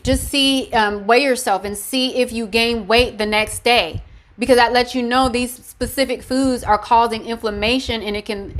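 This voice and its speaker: Woman vlogger, slightly high voice, emphatic, repeats herself, casual talk to camera. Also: a bit bright. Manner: encouraging, repetitive, emphatic. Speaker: health vlogger.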